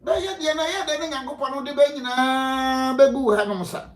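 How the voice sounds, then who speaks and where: A man's voice: very high-pitched, moderate pace, reverberant. A man with a Ghanaian accent giving impassioned, rhetorical interview answers, often laughing between points. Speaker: political guest. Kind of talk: impassioned interview answers mixing Twi and English.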